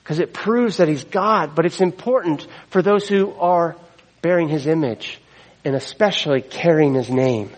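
A man's voice: on the high side, normal speed, low-quality recording. A middle-aged man preaching a sermon, earnest, weaving in scripture quotes and asides. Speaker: pastor.

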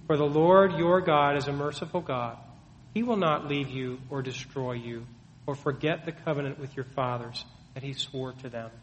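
A pastor delivers a sermon in a mid-range voice at an ordinary pace, teaching with earnest emphasis and plenty of rhetorical questions. The recording carries a long hall reverb and a faint hiss or hum.

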